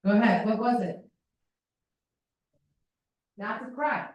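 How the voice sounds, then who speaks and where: Speaking at normal speed with frequent pauses, a woman with a medium-pitched voice leads a parent workshop in a school meeting room. She's animated and mimics children's voices, and the lo-fi recording is distant and echoey.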